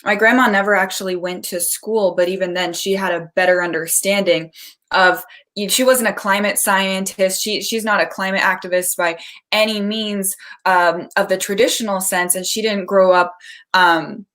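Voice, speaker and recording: A woman's voice: mid-range voice, a bit bright. A young woman, a climate organizer, giving an earnest speech at an online rally over a video call and telling a family story. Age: young adult.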